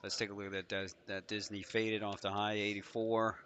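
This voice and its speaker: A man's voice: fairly low pitch, little pitch movement, fairly quick, a bit bright, highs cut off. A man hosting a live trading stream, talking through charts in loose, profane, joking banter.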